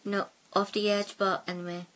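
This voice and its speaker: A woman's voice: mid-range voice, level tone, fairly quick, noisy background. A woman from Northern Ireland with a mixed Belfast and Plymouth accent, hosting a casual solo podcast on a headset mic, rambling hesitantly with many fillers. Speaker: podcast host.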